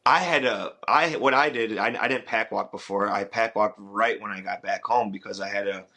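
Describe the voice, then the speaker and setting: A man's voice: lowish voice, bright, forceful tone. A young adult man, a dog trainer and podcast host, telling a rambling story in casual chat. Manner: rambling, restarts with "uh" and "I was like".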